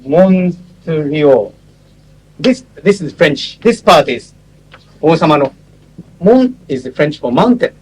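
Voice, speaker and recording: Man, 50s, classroom lecture, halting and explanatory, slightly higher voice. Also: very animated, darkish tone, husky, poor audio. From Japan. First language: Japanese. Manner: explanatory, halting, with frequent pauses and asides. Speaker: lecturer on interpreting. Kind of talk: classroom lecture with visual aids.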